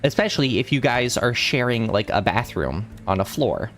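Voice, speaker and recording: Lively young man telling a story. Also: medium pitch, moderate pace, soft background music. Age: young adult. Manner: rambling, animated anecdote telling with fillers. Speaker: streamer host. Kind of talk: casual chat storytelling.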